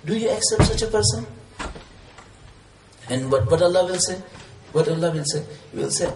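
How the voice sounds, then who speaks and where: A man's voice: high voice, lively intonation, normal speed, long pauses, background noise. A man whose first language is Urdu, preaching a sermon in English with earnest, repeated, rising emphatic questions. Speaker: Islamic preacher. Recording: roomy echo, distant mic, faint ambience.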